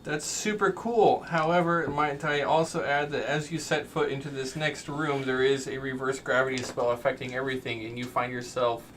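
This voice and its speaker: A man narrating as game master, reading monster lore aloud with animated delivery and frequent laughs. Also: medium pitch, moderate pace, few pauses, a little hiss or hum.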